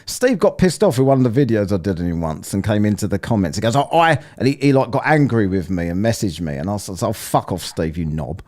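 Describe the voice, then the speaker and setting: A man's voice: fairly low pitch, very animated, fast, hardly any pauses, dark tone. A man from England hosting a livestream, talking in sweary, mocking casual banter. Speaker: livestream host.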